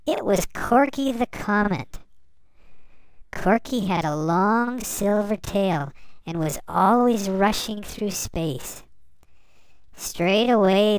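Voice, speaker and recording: Slow gentle woman reading a bedtime story. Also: mid-range voice, clean tone, dry recording, low-quality recording. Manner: gentle, slow, addressing children.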